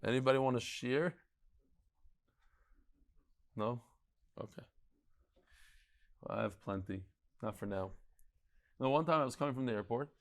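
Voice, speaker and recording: A man giving a lively, storytelling class as a rabbi, full of anecdotes and stammered restarts. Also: mid-range voice, unhurried, long pauses. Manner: animated, digressive, tells anecdotes and stories; frequent restarts and stammered repeats. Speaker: rabbi teaching a daily Talmud class.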